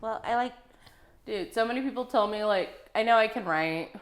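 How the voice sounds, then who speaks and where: A woman's voice: fairly high pitch, moderate pace. A woman, a comedian hosting a podcast, telling wry stories and quoting the people in them. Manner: storytelling, quotes people, wry. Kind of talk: casual podcast chat.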